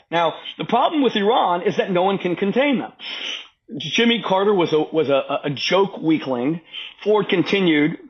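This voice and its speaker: A man's voice: high voice, dull audio. A man, a rabbi and podcast guest, arguing politics emphatically and repeating himself for stress while others cut in. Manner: emphatic, repetitive, talks over interruptions. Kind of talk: heated political conversation.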